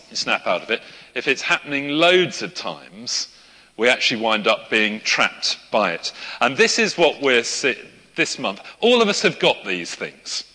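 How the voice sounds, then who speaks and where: A middle-aged preacher speaks in a loose, conversational sermon style, full of asides. His voice is bright and forward at a middling pitch. A long hall reverb trails behind each phrase. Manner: conversational, with asides and light laughter. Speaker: pastor. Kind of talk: sermon with a live demonstration.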